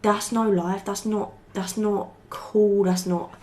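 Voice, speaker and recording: A woman's voice: mid-range voice, fairly even intonation, slow pace, dark tone. Casual, chatty woman reading tarot. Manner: chatty, rambling, swears freely, peppered with "like". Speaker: tarot reader.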